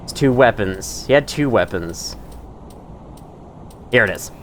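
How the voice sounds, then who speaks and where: A man's voice: lowish voice, expressive, unhurried, slight background noise. Rambling man narrating his gameplay. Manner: rambling, self-mocking, chuckles to himself. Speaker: gaming channel host. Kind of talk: let's play commentary.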